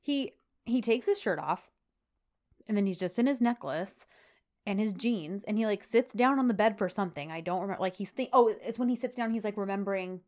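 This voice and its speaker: A woman's voice: mid-range voice, brisk, a little mellow. A woman co-hosting a casual chat, recapping a TV episode and leaning on lots of "like" fillers. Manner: chatty, uses lots of "like" fillers. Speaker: podcast co-host.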